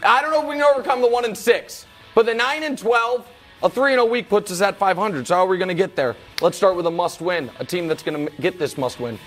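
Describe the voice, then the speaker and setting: High-voiced animated male sports host. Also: fast talker, soft background music. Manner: animated, mock-outraged teasing. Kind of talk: bantering football picks talk.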